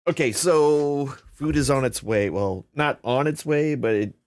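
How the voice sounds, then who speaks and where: A man streaming a video game, cracking crude jokes and laughing at himself, low on energy with a headache. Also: measured pace. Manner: jokey and self-mocking, laughs often. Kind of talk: let's play commentary.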